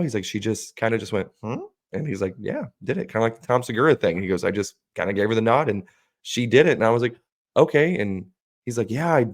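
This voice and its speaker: A man co-hosting a podcast, telling a story casually and animatedly, acting out what his friends said and swearing freely. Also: fairly low pitch. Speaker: podcast co-host.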